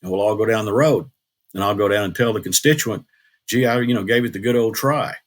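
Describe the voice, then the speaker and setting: A man's voice: on the low side, brisk, close to an everyday voice. A man voicing a folksy older male state legislator with a rural Oklahoma country accent, candid and slyly cynical. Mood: wry, conspiratorial.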